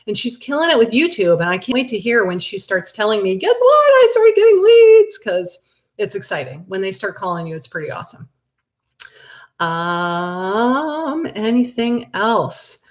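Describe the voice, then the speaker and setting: A middle-aged woman, a real estate agent, teaching a casual live class and answering viewer questions in a chatty, animated way. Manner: chatty and animated, with big excited jumps in pitch.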